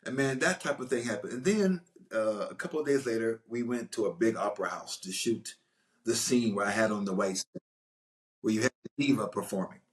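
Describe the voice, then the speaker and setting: A man with a fairly low voice spins an animated, rambling story from a film set. He keeps restarting his sentences and circling back as he talks, in a relaxed conversational tone. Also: fairly quick. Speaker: actor guest recalling a film shoot. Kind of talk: casual anecdotal storytelling.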